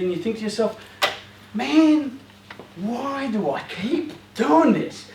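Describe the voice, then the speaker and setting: A man's voice: high-pitched, a bit bright, slight background noise. A man giving an informal talk to a youth group, joking and rambling with lots of fillers and asides. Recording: roomy hall, voice far from mic.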